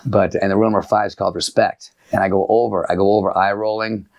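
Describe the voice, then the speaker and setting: Middle-aged man, wrestling coach, high-energy storyteller, low gravelly voice. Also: little pitch movement, quick pace. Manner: high-energy, acts out his own yelling at camps. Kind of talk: animated podcast interview storytelling.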